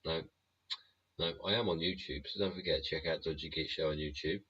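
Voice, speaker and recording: A livestream host with a deep, husky yet forceful voice goes on a blunt, rambling rant packed with swearing, delivered briskly. The audio sounds dull and lo-fi.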